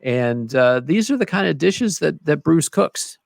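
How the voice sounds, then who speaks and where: Man, podcast host, enthusiastic, gravelly, dry recording. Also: a little high, animated, unhurried, no room sound. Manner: enthusiastic, praising interviewer. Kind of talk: casual interview chat.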